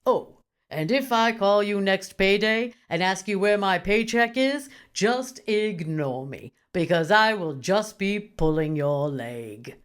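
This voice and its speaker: A woman's voice: medium pitch, expressive. A woman voicing an outraged, gossiping woman complaining about a coworker on the phone, in an exaggerated, indignant rant. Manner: exaggerated, indignant, rapid ranting.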